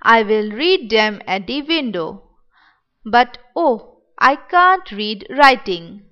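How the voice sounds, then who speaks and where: A woman reading the part of a sick, wistful young village boy in a dramatic play reading, in a gentle, wondering manner. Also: on the high side, big pitch swings, slow pace, dull audio.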